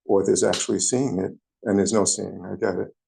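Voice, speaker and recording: In a meeting room, a man with a New York accent speaks haltingly as a group meeting participant, correcting himself while he hunts for words. His fairly low voice is warm and creaky with a breathy edge, and his intonation stays fairly even.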